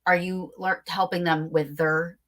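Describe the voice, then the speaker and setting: A woman hosts an interview in a loose, chatty manner, full of fillers and restarts. Her voice sits on the low side for a woman. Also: little pitch movement, a little slow, a bit bright. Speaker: podcast host. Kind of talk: casual interview chat.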